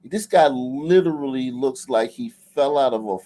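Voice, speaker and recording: A man's voice: mid-range voice, normal speed, warm tone, low-quality recording. A male livestream host giving casual, profane, mocking reaction commentary.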